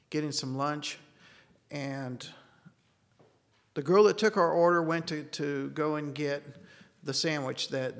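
Earnest male preacher, slightly high, gravelly, long hall reverb. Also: a bit bright. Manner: earnest, storytelling, acts out quoted dialogue. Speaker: speaker giving a church talk. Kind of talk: sermon with a personal story. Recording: long reverb of a large room.

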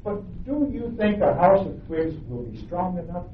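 A man's voice: high voice, very animated, normal speed, a little hiss or hum. A man reading a doubtful woodsman. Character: doubtful adult male woodsman. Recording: echoey, tinny, from far off.

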